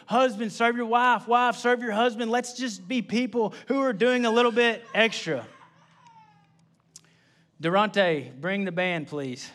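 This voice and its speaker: A young adult man preaching a sermon in a casual, conversational way, repeating key phrases and adding quick asides. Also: high voice, a bit bright. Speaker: pastor.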